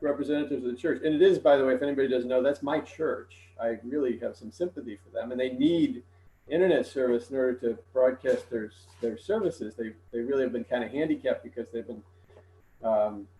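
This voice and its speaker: A man giving a frank, measured report to a village board over an online meeting. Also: mid-range voice, mellow, reverberant, rough recording.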